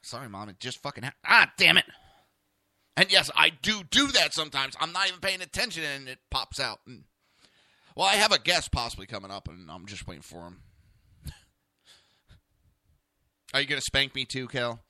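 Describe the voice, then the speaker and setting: Blunt, profane Jersey talk radio host. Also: male voice, medium pitch, lively intonation, moderate pace, long pauses, bright, forceful tone, no room sound, studio quality. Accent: New Jersey. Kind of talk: opinionated talk radio rant.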